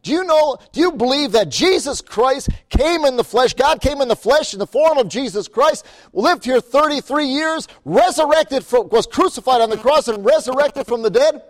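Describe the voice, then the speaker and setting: A man's voice: very high voice, expressive, normal speed, hardly any pauses, pitched above the performer's own voice, poor audio. A man quoting a blunt, probing police detective. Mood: earnest.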